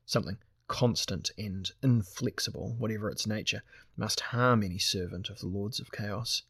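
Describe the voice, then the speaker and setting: A man voicing a calm, knowing old male sorcerer who explains in measured tones. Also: lowish voice, creaky, breathy edge, no room sound, studio quality, heavily acted.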